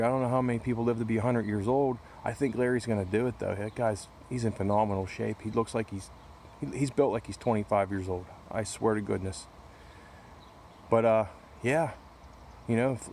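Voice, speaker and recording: A man's voice: mid-range voice, darkish tone, a little hiss or hum. Rambling man chatting outdoors. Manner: rambling storyteller with many restarts. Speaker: vlogger. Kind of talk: casual chat. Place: outdoors in a backyard corner.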